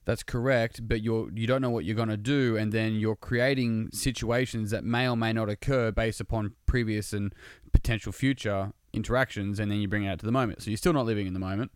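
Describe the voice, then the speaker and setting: Man with a smooth, resonant voice; earnest, laid-back talk with some swearing, recorded dry. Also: on the low side, fairly even intonation, a little fast, no echo. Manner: earnest, casual, swears freely. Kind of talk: casual motivational monologue.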